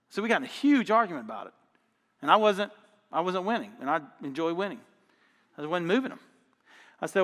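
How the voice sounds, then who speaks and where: A man's voice: a little high, lively intonation, quick pace, long pauses, fairly bright tone, big-room sound. A man preaching a sermon as pastor, telling stories in an emphatic, folksy, conversational way. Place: church auditorium.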